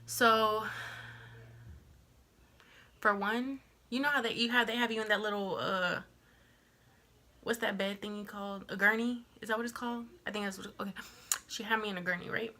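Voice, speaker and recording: A young woman from Texas telling a storytime to her camera in a chatty, animated way, full of "like" and acted-out quotes. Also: medium pitch, moderate pace, pauses often. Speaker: vlogger. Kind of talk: casual storytime.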